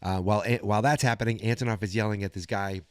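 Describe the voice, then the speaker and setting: A man hosts a podcast and recaps an episode in a chatty, animated way. His voice sits a little low. The recording is close and dry with no room sound. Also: fast, clean tone, no echo. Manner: chatty, animated storytelling with many fillers and restarts. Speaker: podcast host.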